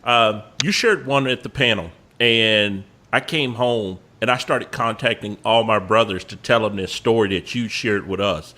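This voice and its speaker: A man hosts a podcast interview and asks his guest to share a story. He asks in a friendly, drawn-out way, and his voice sounds bright and crisp. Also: on the low side. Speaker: podcast host.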